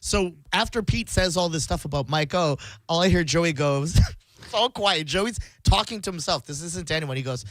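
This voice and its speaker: A man's voice: a little high, animated, moderate pace, fairly bright tone, no echo. A man on a talk radio show, casually telling a story, acting out the quotes and laughing often.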